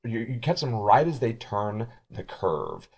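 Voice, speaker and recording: A man runs a tabletop game as game master, narrating in a loose, rambling way that is full of restarts. His voice sits at a middle pitch. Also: very animated, unhurried, vocal fry, breathy edge. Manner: rambling, many restarts and fillers.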